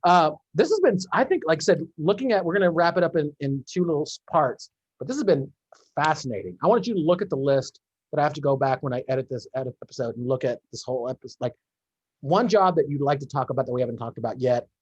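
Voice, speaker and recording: A man's voice: on the high side, animated, quick pace, a little mellow, husky, dry recording, highs cut off. A male podcast host on a video call, rambling, restarting his sentences and laughing along with his guest. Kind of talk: casual interview over a video call.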